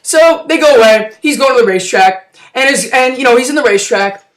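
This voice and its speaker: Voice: high voice, lively intonation, fairly quick, a bit bright, distant mic. A comic narrator retelling a movie plot in a rambling, slangy way with many fillers. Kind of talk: comic parody recap.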